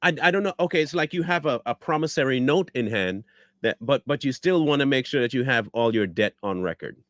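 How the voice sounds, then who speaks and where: A man's voice: mid-range voice, expressive, a little fast, a bit bright, no echo, clean studio sound. A man giving combative reaction commentary, blunt and scornful, firing rhetorical questions and repeating himself for emphasis. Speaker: online commentator.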